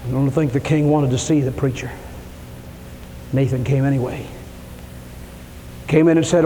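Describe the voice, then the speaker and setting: A man's voice: mid-range voice, steady tone, normal speed, pauses often. Man preaching a sermon in a big hall. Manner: storytelling, rising to impassioned preaching with shouts and hushed whispers. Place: church sanctuary. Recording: reverberant hall, faint room noise.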